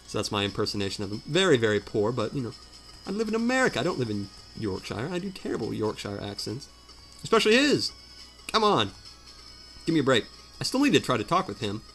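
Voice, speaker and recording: Fast and very animated, a mid-range, slightly bright male voice rambles over faint music. He's a let's play commentator chatting casually at home, self-deprecating and heavy on fillers as he plays.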